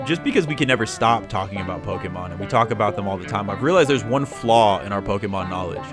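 A man's voice: fairly low pitch, animated, fast, music in the background. A young man co-hosting a casual podcast chat, laughing often and swearing casually. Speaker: podcast co-host.

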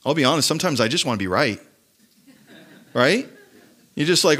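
A man's voice: medium pitch, lively intonation, a little fast, pauses often, fairly bright tone. Man preaching with rhetorical questions. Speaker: pastor. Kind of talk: sermon.

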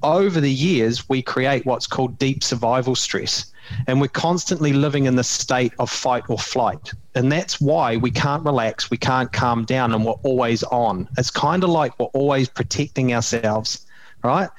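A man's voice: mid-range voice, a little slow, dry recording, poor audio. A male podcast host with a mid-range voice, recorded close and dry. He explains things earnestly and conversationally, often checking in with his listener. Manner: earnest, explanatory, ends points with "right?".

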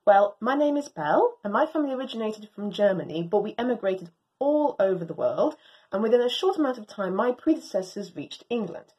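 A woman's voice: medium pitch, a little fast, lightly acted. A woman playing a proud, swooping Doberman dog. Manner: animated, swooping, theatrical. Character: proud excitable female Doberman dog, grown. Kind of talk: storytelling reading.

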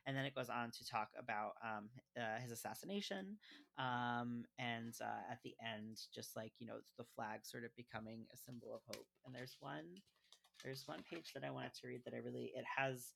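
A man chats about picture books in a loose, conversational podcast style, with plenty of fillers and restarts. His voice has a gravelly fry and a bright, forward timbre. He slips into reading short passages aloud now and then. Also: mid-range voice. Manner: chatty, filler-heavy, reads aloud from a picture book. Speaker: podcast co-host reviewing children's books. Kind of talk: casual conversational book review.

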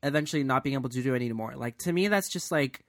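A man's voice: mid-range voice, rapid-fire, a bit bright, dry recording, clean studio sound. A man in casual chat about TV storytelling, thoughtful and rambling, with many fillers.

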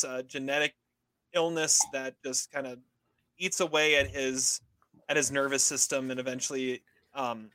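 A man's voice: fairly high pitch, sharp tone, dry recording. A man co-hosting a casual film podcast, rambling with many fillers and restarts. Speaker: podcast co-host reviewing films. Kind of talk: casual chat.

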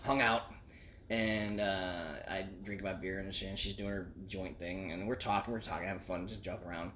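A man's voice: low voice, fairly even intonation, moderate pace, a bit bright, slight background noise. A man in his forties telling a long personal story in casual, profane chat, rambling, laughing often and acting out the voices of the people in it.

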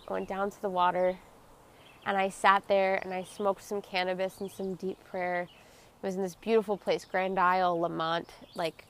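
A woman hosting her own podcast, speaking in an earnest, confessional and emotionally open way, dropping soft and close at tender moments. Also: medium pitch, creaky, slight background noise. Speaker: podcast host. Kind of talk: personal reflective monologue.

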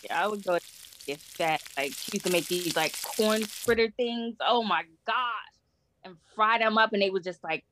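A woman chatting on a podcast as a guest, telling lively, profane, laughing stories. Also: mid-range voice, moderate pace, slight background noise. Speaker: guest, host's sister. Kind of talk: casual podcast chat.

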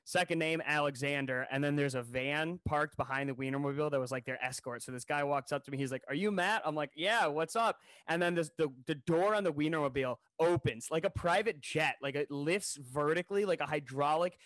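A man spins a funny anecdote in casual podcast chat, slipping into voices for the people he quotes. His voice sits a little high for a man. The sound is dry and close, with no room around it. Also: brisk, few pauses, dry recording. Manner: animated, jokey storyteller who acts out quotes. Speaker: podcast co-host. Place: New York City.

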